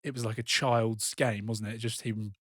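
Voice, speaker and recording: A man, a former player turned rugby pundit, talking through match action in an animated, casual podcast chat. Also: on the low side, moderate pace, no echo, clean studio sound.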